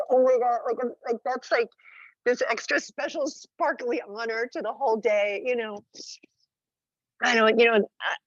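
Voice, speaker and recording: A woman's voice: on the high side, dry recording, lo-fi sound. A woman speaking in an emotional, rambling tribute over a video call, tearful and full of fillers. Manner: gushing, rambling with many fillers. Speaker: friend calling in.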